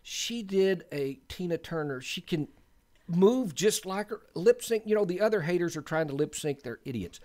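A man co-hosts a casual community radio chat and chimes in with quick, jokey remarks. His voice swings lively up and down while he banters. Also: sits high. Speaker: radio co-host.

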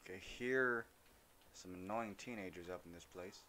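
A man's voice: low voice, moderate pace, pushed and bright, slight background noise. A young man streaming a shooter game, rambling and joking as he talks to the characters he meets. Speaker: gaming streamer. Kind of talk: casual let's-play commentary.

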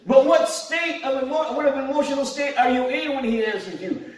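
In an echoey church hall, a middle-aged man preaches a sermon, laughing along with his own conversational stories. He speaks in a very high-pitched, expressive voice, a little fast with few pauses, and the mic is set at a distance.

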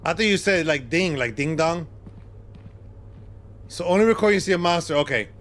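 Excitable man streaming a game, lively pitch. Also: moderate pace, slight background noise. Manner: excitable, yelps and shouts in panic. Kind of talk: live gameplay commentary.

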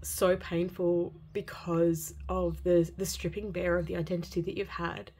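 Low, gravelly-voiced woman reading tarot. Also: flat delivery, measured pace. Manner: earnest, gentle and heartfelt, with many repeated phrases. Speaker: tarot reader. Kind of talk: intuitive tarot reading for viewers.

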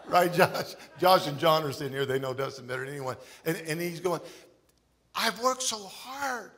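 A middle-aged male pastor preaching a sermon in a church, emphatic with shouts and exclamations. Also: a little high, fairly quick, some chatter behind. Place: church sanctuary.

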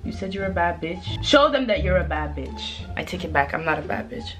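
A woman's voice: fairly low pitch, animated, a little fast, music in the background. A young woman vlogging at home, chatty and nervous, giggling and swearing freely as she talks to her viewers. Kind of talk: casual vlog chat to camera. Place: room at home.

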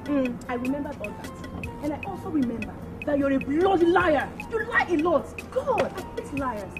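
A woman plays an exasperated young Nigerian woman who scolds and brushes off her boyfriend in a film comedy. Her voice rises and falls widely in a fairly high register. Music runs under the scene. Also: animated, normal speed. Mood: scolding. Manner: scolding, dismissive. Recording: film audio with background music.

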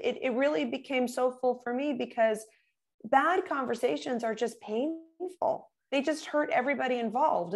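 A middle-aged woman speaking as a guest in an interview, telling stories and acting out the voices of the people in them. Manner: lively, acts out quoted voices with big pitch jumps. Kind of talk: animated storytelling in an interview.

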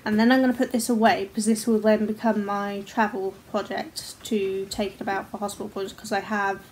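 A woman's voice: medium pitch, little pitch movement, a little fast, darkish tone, a little hiss or hum. A woman in her forties, chatting casually to camera at home about her crochet, laughing often and swearing freely. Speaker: crochet vlogger. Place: at home, indoors.

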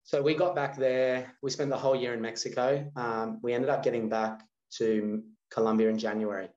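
A man's voice: mid-range voice, normal speed. A man from Australia in his thirties, a guest telling a personal story in a casual interview, acting out the voices of the people in it. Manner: animated storyteller acting out quoted dialogue. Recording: roomy, slightly dull sound.

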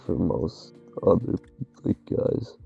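Man on voice chat from bed: deep, gravelly, sleepy and slow, dark tone, dull lo-fi earbud mic. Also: soft background music. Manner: drowsy, soft-spoken, teasing. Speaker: streamer's partner on voice chat. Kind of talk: casual chat.

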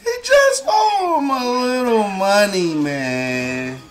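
A man voicing a relaxed, easygoing guy in a comedy cartoon, with a slow slangy drawl. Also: high-pitched, voice pushed up. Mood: laid-back. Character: laid-back easygoing cartoon fan guy. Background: background music.

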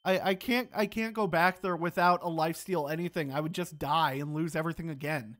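A man's voice: on the high side, fairly even intonation, fairly quick, fairly bright tone. A young man giving gameplay commentary, exasperated and talking to himself as he plays. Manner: exasperated, talks to himself while playing. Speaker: gaming channel host.

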